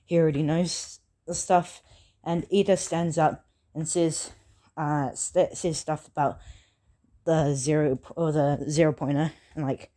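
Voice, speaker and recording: A woman casually retelling a fan story, halting often with fillers and self-corrections. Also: low-pitched, mellow.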